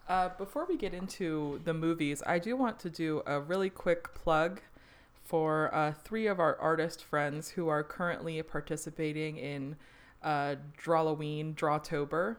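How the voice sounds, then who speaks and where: A woman's voice: low-pitched, unhurried. A woman co-hosting a podcast, chatting casually with frequent fillers and easy laughter. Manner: relaxed, filler-heavy, laughs easily. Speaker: podcast co-host. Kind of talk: casual chat.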